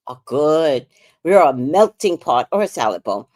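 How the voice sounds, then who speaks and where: A woman with a New York accent hosts a live stream, chatting bluntly, swearing freely and laughing often in casual commentary. Her voice is low, sing-song, a little slow and slightly mellow, with no echo.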